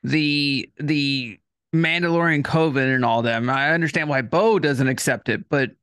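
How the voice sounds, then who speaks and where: A man in a casual fan discussion, asking questions quickly and eagerly. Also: fairly high pitch, a bit bright, smooth, no echo, studio quality.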